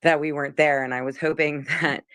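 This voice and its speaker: A woman's voice: low voice, steady tone, a little fast, a bit bright, no room sound. A woman in her forties from South Jersey, casually recounting what she saw, chatty and rambling with many fillers. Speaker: witness.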